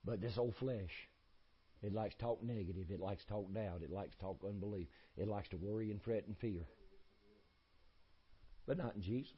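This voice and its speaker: Male preacher, husky folksy delivery, emphatic repetitive sermon cadence. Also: fairly low pitch, highs cut off.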